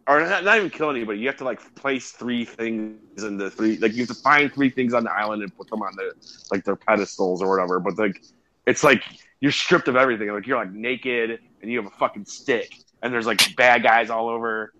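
Excitable, swearing man saying "like" constantly. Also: on the low side, brisk, highs cut off. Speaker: podcast co-host. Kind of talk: casual chat.

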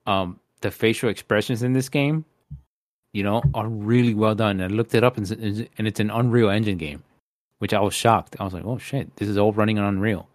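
A man with a fairly low voice talks eagerly about games. He is loose and casual, throwing in swear words and calling his friends dude. His voice is recorded dry and close. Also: moderate pace, no echo. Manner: enthusiastic, swears, says dude.

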